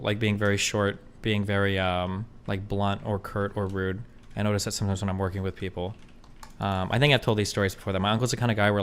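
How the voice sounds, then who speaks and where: A streamer with a voice on the low side chats casually with viewers, reading their questions aloud and answering bluntly, profanely, and with plenty of rambling and fillers. A little hiss or hum sits in the recording.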